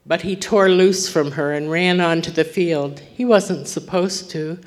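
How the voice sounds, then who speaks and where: A woman preacher telling a moving story in a sermon, swinging from forceful to near-whispered. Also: on the low side, unhurried.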